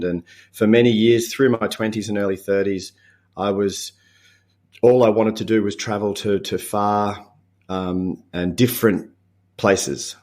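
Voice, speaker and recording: A man in his fifties with an Australian accent, a podcast guest talking in a relaxed, reflective way with frequent chuckles and halting restarts. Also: lowish voice. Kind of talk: casual interview chat.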